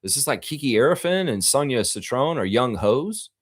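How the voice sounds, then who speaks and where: A man hosts a casual live sports reaction stream and reads viewer comments aloud. His delivery is rambling and opinionated, and his pitch swings widely from phrase to phrase. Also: big pitch swings, moderate pace.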